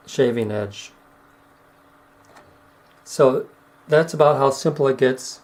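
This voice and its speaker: Slow-talking man explaining a craft demo. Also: medium pitch, darkish tone, low-quality recording. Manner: unhurried, explains step by step with fillers. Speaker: razor honing demonstrator. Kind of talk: casual how-to narration.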